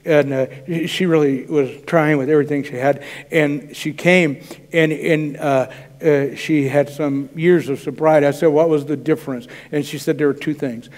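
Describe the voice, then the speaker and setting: A man preaches as pastor, his fairly high, slightly mellow voice moving at normal speed with fairly even intonation. His sermon is conversational, with quoted dialogue acted out, and the church sanctuary lends it hall reverb.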